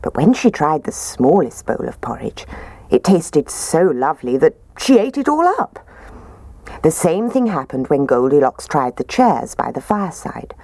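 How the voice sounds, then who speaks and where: Woman storyteller, low voice with lively, swooping pitch, dry close sound. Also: normal speed, no echo. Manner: expressive, gently animated reading. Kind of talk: reading a children's story aloud.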